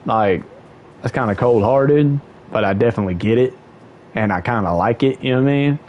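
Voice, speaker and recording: A young man chatting on a livestream in a mid-range voice, telling a rambling story full of slang and cursing. He gets animated and jumps higher in pitch whenever he quotes someone. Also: fairly quick, muffled recording, a little hiss or hum. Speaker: livestream host. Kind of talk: casual storytelling chat.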